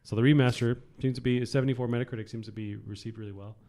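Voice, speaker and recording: A young man co-hosting a podcast, chatting casually and hesitantly with many pauses and restarts. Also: medium pitch, steady tone, mellow. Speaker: podcast co-host. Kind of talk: casual chat about video games.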